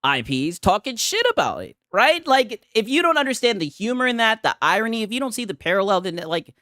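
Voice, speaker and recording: A man with a high-pitched voice talks briskly, captured in clean studio sound without room noise. He's live streaming a casual, profane gaming rant, animated throughout and constantly tacking "right?" onto his points.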